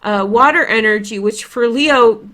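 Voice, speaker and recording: A woman's voice: a little high, a little slow, a bit bright. A woman with a Polish accent giving a casual, chatty tarot reading, rambling with lots of "like" and "you know". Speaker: tarot reader.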